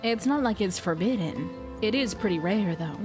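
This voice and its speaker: A brisk young woman diver who speaks her mind plainly, as a woman streamer reads her lines. She has a light put-on accent and a mid-pitched voice. Faint music plays behind her. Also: expressive, close to an everyday voice. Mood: matter-of-fact.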